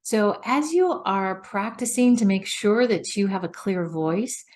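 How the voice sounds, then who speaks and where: A middle-aged woman teaches as a voice coach, explaining each step patiently. She speaks slowly and carefully at a medium pitch, leaving room between her points. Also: animated, darkish tone. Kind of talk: instructional talk.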